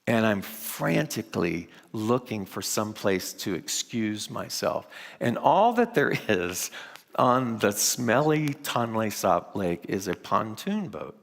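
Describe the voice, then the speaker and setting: A middle-aged man preaching a storytelling sermon, with dramatic pauses and hushed moments. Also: on the low side, very animated, vocal fry. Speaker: minister. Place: large church sanctuary. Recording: long hall reverb.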